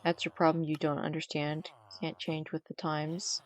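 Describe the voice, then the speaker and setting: A woman streaming a game live, chatting casually with her chat and teasing them in a dry, deadpan way. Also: low-pitched, moderate pace.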